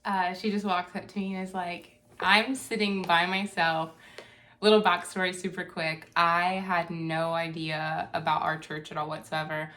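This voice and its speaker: A woman's voice: lowish voice, little pitch movement, normal speed, fairly bright tone. A young woman in her twenties telling a story in a casual, chatty way, giggling as she goes. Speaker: co-host of a couple's channel.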